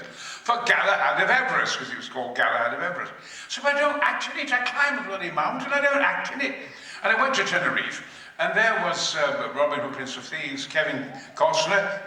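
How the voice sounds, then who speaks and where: Older guy roaring sweary stories on stage, big forceful high-ish voice, echoey hall heard from far off. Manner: booming, sweary, theatrical storyteller. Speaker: panel guest at a fan convention. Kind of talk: bawdy anecdote-telling on stage. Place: large convention hall.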